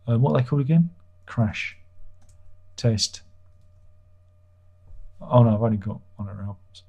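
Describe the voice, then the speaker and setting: A livestream host chatting loosely to his viewers, self-deprecating and casual with his swearing. His voice is dark and mellow with some huskiness in it. He talks into a home streaming microphone. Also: mid-range voice, measured pace, creaky, pauses often. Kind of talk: casual chat reading viewer comments.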